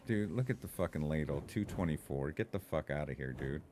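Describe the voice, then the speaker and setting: A young adult man giving animated, profane gaming commentary, laughing often and chatting to his viewers. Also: extremely low pitch, brisk, over music. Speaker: streamer.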